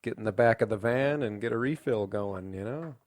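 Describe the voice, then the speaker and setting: A man's voice: on the low side, brisk, darkish tone. A young man co-hosting a casual podcast, laid-back and joking with crude humor. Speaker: podcast co-host.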